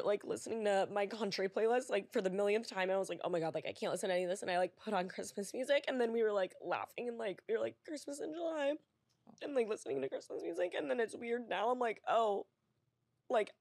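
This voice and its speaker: A woman's voice: mid-range voice, quick pace, vocal fry, darkish tone, no echo. A young woman co-hosting a podcast, rambling in casual chat with lots of restarts, close to tears. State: tearful, on the edge of crying. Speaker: podcast co-host. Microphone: podcast studio mic.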